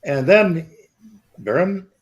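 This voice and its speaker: Teasing man, slightly high voice. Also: lively intonation, slow. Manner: teasing, sets up stories about his friend. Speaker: podcast co-host. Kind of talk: casual storytelling chat.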